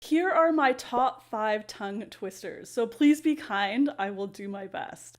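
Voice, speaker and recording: A woman's voice: fairly high pitch, a little slow, hardly any pauses. Chatty woman explaining classroom activities. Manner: chatty, relaxed, frequent ums and "kind of". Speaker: ESL teacher and channel host. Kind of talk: casual teaching explainer.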